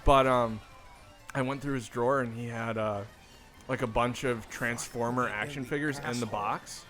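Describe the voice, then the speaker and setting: Bright-voiced sarcastic man telling stories. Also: mid-range voice, steady tone, soft background music. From northern US. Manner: sarcastic storyteller, quick jokes. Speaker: podcast co-host. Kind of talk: casual chat.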